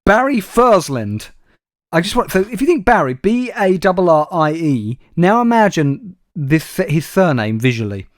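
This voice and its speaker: Guy reading odd news on a comedy podcast, wry, a bit high-voiced, dead dry sound. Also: very animated, a little slow, dry recording. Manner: dry, wry delivery, addresses co-host by name. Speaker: podcast co-host. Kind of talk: reading news stories aloud with comic asides.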